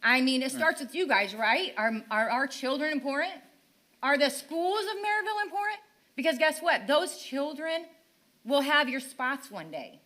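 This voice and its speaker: Bright-voiced frustrated woman pleading. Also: high voice, expressive, moderate pace. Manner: frustrated, pleading, rhetorical questions. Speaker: parent speaking at public comment. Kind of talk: impassioned public comment. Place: town council meeting chamber.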